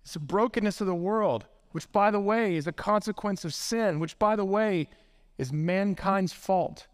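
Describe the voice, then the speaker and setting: A man's voice: high voice, normal speed, smooth. A man preaching a sermon as pastor, earnest and impassioned, building up through long lists.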